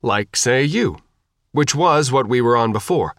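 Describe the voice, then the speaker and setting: A man's voice: mid-range voice, expressive, unhurried, a bit bright, dry recording, studio quality. A man reading the part of a young woman boat captain, firm and commanding. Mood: bossy.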